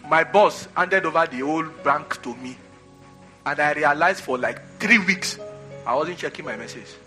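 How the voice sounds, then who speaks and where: A man delivers a call-and-response sermon in a bright, forceful voice pitched slightly high, speaking at normal speed. He hammers home his points by repeating phrases and calling on the congregation to answer. Soft music plays faintly in the background.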